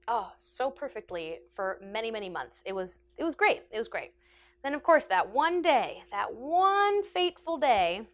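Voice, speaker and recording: A woman vlogger telling a casual, self-mocking story with animated delivery and frequent laughter. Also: fairly high pitch.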